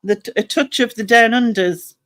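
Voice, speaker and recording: A woman's voice: on the high side, moderate pace, dry recording. A woman hosting a casual livestream, giving short encouraging replies and laughing easily. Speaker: host.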